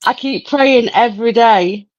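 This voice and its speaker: A woman's voice: fairly high pitch, measured pace, dry recording. A woman from the East Midlands of England with a thick East Midlands accent, calling in and talking in a hesitant, rambling way. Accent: East Midlands English. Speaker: caller. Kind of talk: casual phone-in talk. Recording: dull, dry lo-fi call line.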